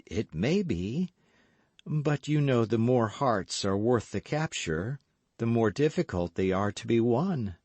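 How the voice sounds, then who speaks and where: Scheming noblewoman, cold and vindictive, coaxing lilt, slow and deliberate, raised voice from a male reader, audiobook. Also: medium pitch, animated, darkish tone, no room sound, pitched above the performer's own voice. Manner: coaxing, calculating.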